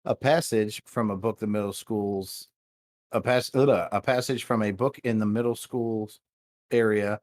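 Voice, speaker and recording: A man's voice: on the low side, fairly even intonation, unhurried, a little mellow. A man co-hosting a podcast in casual chat, teasing his partner and reading news articles aloud. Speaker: podcast co-host.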